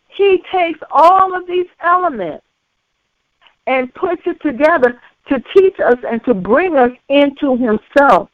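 A woman preaches at an unhurried, deliberate pace, circling back over the same phrases and punctuating them with amens. Her voice comes through narrow and tinny, like a phone line, with a dry sound and no room around it. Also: sits high, dry recording. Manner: slow, repetitive preaching punctuated by frequent amens. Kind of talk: sermon.

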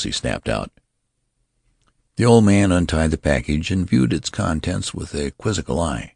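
A man narrating a story as an audiobook, with measured, expressive storytelling. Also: deep voice, creaky, no echo, studio quality.

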